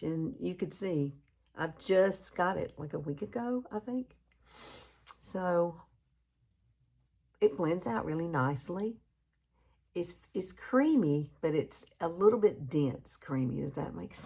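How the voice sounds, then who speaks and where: A woman's voice: fairly low pitch, gravelly, warm tone, husky. A Southern woman from Alabama in her fifties, chatting casually through a makeup tutorial and laughing at herself often. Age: 50s. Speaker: beauty vlogger.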